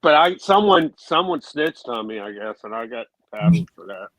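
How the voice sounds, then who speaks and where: A man's voice: on the high side, animated, moderate pace, a bit bright, no room sound, poor audio. A middle-aged man telling laid-back anecdotes about his youth in a casual chat, chuckling now and then.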